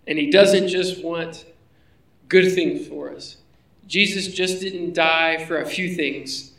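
Guy preaching a sermon, pretty high voice, roomy echo, mic kinda far off. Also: steady tone, slow pace, gravelly, a bit bright. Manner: conversational preaching, rhetorical questions. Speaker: pastor.

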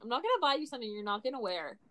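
A young woman in a relaxed podcast chat, her voice a bit higher than most. She tells stories with animated emphasis and swears casually. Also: very fast. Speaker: podcast co-host.

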